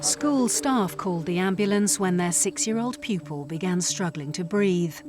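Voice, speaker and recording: A woman giving measured, scripted narration for a documentary. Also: fairly low pitch, expressive. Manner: measured, explanatory.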